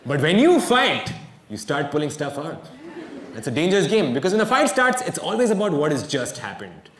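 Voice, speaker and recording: A young man doing a stand-up comedy routine in a deadpan way, breaking into exasperated outbursts when he quotes people, recorded live with audience laughter. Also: on the high side, fairly quick. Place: theatre stage before a live audience. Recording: roomy live venue with crowd noise.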